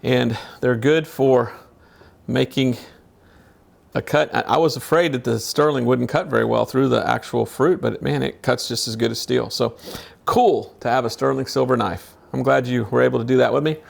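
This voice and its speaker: A man's voice: medium pitch, steady tone, moderate pace, vocal fry. A man who collects knives, casually talking through a demonstration and musing aloud with a self-amused manner. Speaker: knife collector showing his knives.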